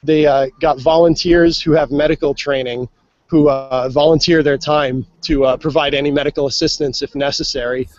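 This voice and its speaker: A man's voice: fairly high pitch, fairly even intonation, normal speed, dry recording, muffled recording. A man giving a casual, chatty report from outdoors at a festival, with plenty of fillers. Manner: easygoing, chatty, many fillers. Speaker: on-site reporter calling into a live show. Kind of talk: casual live walk-around report.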